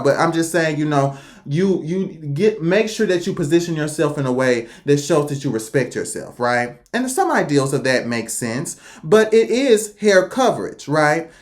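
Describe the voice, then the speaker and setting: Blunt, emphatic American woman commentator. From United States. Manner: emphatic, blunt, with sharp pitch swings. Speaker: reaction video host. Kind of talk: opinionated reaction commentary.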